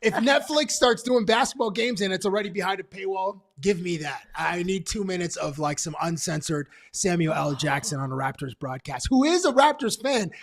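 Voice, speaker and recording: A man co-hosts a sports talk show in loose, casual chat. He rambles enthusiastically through his points. His speaking voice is notably high for a man. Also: lively intonation, normal speed, vocal fry, few pauses. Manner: rambling, many fillers and restarts, enthusiastic.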